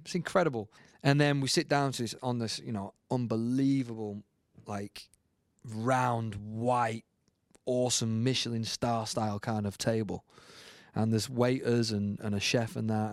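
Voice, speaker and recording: A man, a guest musician, telling a story in a lively, casual way and acting out the quotes. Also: mid-range voice, dry recording, studio quality. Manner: animated storyteller, acts out quotes, many fillers.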